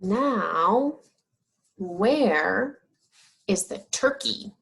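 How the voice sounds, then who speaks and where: A woman teaching young children, asking questions about farm animals and answering them in a drawn-out, encouraging way. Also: mid-range voice, animated, vocal fry, fairly bright tone. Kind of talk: slow, sing-song teaching of young children.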